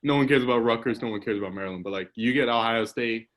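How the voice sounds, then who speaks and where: A man's voice: medium pitch, quick pace, fairly bright tone. Rambling young male podcast host. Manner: rambling storyteller, laughs often, says "like" a lot. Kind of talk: casual chat. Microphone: video call.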